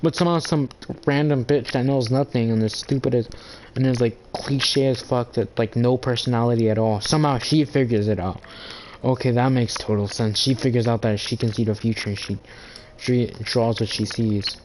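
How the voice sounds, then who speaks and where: A man's voice: medium pitch, steady tone, normal speed, background noise. A man ranting in a casual monologue, rambling with lots of fillers, restarts and swearing. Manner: rambling, profane, full of "like" and restarts. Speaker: gaming channel host.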